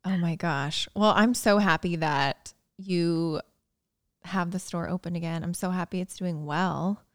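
A woman's voice: fairly low pitch, measured pace, no echo, clean studio sound. A woman hosting a podcast, chatting casually with her guest and cracking jokes. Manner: playful, joking reactions. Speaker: podcast host. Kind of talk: casual interview chat.

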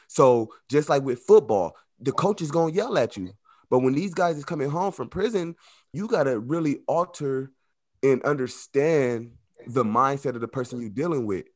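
A man speaks casually in an interview, his voice at an ordinary middle pitch. His delivery is loose and rambling, full of fillers, and he now and then breaks into acted-out quotes. The sound is close and dry, with no room echo. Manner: loose, conversational, heavy with "like" and "you know"; slips into lively acted-out quotes. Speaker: formerly incarcerated guest.

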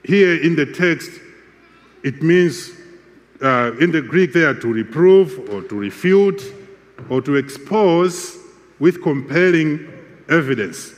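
A man preaching a sermon with a measured, emphatic delivery and repeated phrases. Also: a little high, lively intonation, long reverb tail.

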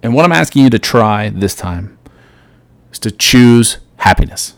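A man's voice: on the low side, animated, a little fast, creaky, dry recording. Earnest man giving a motivational podcast pep talk. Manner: earnest motivational, swings loud and soft. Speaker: podcast host. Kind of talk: solo podcast monologue.

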